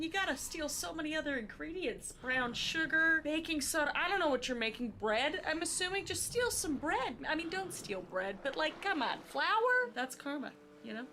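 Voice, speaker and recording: A woman streamer giving casual, chatty reaction commentary with quick exclamations. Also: high voice, sharp tone, a little hiss or hum.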